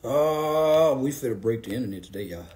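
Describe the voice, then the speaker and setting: A man ranting to camera in a loud, theatrical comedic vlog, with exaggerated mock-crying and preaching. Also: mid-range voice, expressive, moderate pace. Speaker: vlogger. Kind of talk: comedic celebratory rant to camera.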